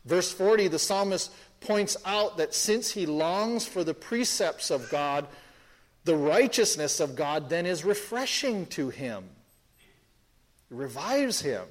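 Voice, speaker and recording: A man's voice: fairly high pitch, animated, takes it slowly. A man preaching an expository sermon to a congregation, emphatic, often repeating phrases and restarting sentences.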